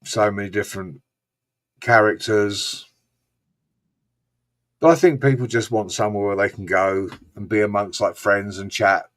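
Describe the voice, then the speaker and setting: A man's voice: fairly low pitch, normal speed, pauses often, fairly bright tone. A man hosting a casual live-stream chat, rambling, swearing freely and mimicking regional accents. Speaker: host.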